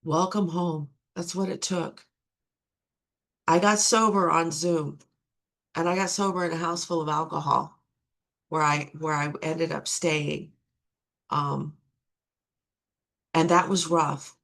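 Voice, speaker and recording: A woman's voice: deep voice, steady tone, takes it slowly, vocal fry, pauses often, fairly bright tone. A middle-aged woman sharing her recovery testimony, earnest and repeating key phrases for emphasis.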